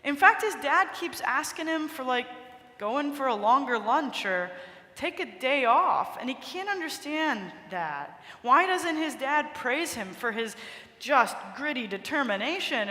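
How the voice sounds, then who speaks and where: High bright-voiced woman preacher in echoey cathedral. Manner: conversational storytelling, expressive. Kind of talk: sermon. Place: large cathedral.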